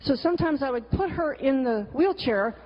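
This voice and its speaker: In a lo-fi recording with a long hall reverb, a middle-aged woman who is a cartoonist and teacher gives a storytelling talk with slides. Her voice is high-pitched and animated at a normal speed, and she's frank, swearing freely and dropping exasperated asides.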